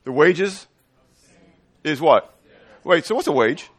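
A man teaching a sermon with a slightly high, very lively voice that jumps around in pitch. He asks the room questions and acts out small everyday scenes to make his point. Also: slow pace. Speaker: preacher.

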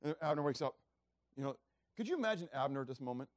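A man's voice: medium pitch, expressive, fast talker, no echo, clean studio sound. A man preaching a sermon in a conversational way, asking the listeners questions and acting out biblical speeches in a raised voice. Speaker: pastor.

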